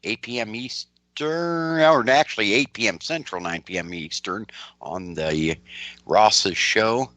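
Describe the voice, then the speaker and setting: A man co-hosting a paranormal radio show, relaxed and rambling. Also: fairly low pitch, unhurried, no echo. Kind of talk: casual talk radio chat.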